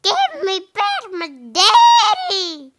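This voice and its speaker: A woman voicing an upset, defiant little baby fish in a storybook reading, using a high, loud, squeaky voice. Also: huge pitch swings, very slow, exaggerated voice. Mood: wailing.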